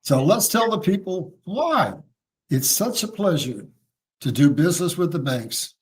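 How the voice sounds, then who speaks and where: A man with a husky voice speaking as an interview guest, explaining in a folksy, emphatic way and addressing listeners as "folks.". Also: on the high side, very animated, unhurried. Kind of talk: casual explanatory interview talk.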